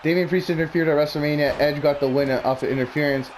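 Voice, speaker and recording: A man's voice: a little high, steady tone, fast talker, slight background noise. A man talking casually and bluntly, rambling through opinionated predictions with plenty of swearing. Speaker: wrestling commentary vlogger.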